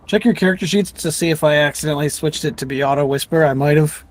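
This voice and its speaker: A man's voice: a little high, fast talker. A man narrating as game master of a tabletop game, rambling with frequent restarts.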